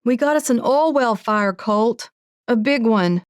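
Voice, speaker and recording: A woman voicing a demanding, feisty young woman who owns an oil ranch, speaking in a brisk, clipped, insistent way. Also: medium pitch, dark tone, no echo, studio quality, close to an everyday voice. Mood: urgent.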